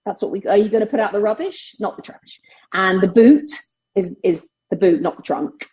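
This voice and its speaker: A woman's voice: mid-range voice, a little fast, lo-fi sound. A middle-aged woman with an English accent, chatting casually and animatedly as a guest on a sports radio show. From England. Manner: animated, laughs often.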